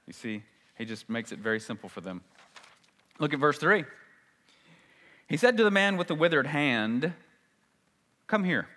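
Bright-voiced man preaching in a reverberant hall. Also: a little high, big pitch swings, moderate pace, pauses often. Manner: conversational, asks the room rhetorical questions. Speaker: pastor. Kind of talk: sermon.

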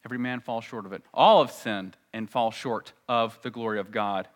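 A man preaching a sermon, dropping to a hushed low voice and then rising loud and high for emphasis. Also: fairly even intonation, normal speed.

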